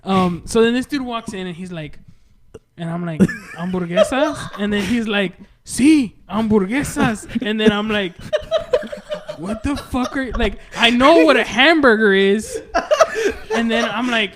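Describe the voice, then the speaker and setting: A man with a high voice tells stories in a loose podcast chat. He laughs through his anecdotes and acts out the people he quotes, swearing freely. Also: moderate pace, background noise. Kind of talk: casual chat, storytelling.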